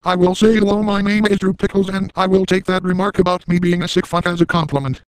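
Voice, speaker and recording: A man's voice: high-pitched, steady tone, quick pace, clear, resonant tone, dry recording, lightly acted, rough recording. Drew Pickles, a smug crude man, as a man plays him. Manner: smug, mocking sing-song sound effects. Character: crude lecherous adult man, gleeful and shameless. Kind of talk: comedic first-person parody narration.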